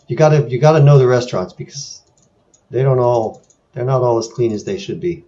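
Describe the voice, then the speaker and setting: A man's voice: medium pitch, lively intonation, a little fast, mellow, highs cut off. A man from San Francisco narrating a casual screen tour in a wry, musing way. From San Francisco, USA. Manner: wry, musing, lightly sarcastic. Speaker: video creator. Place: home in France.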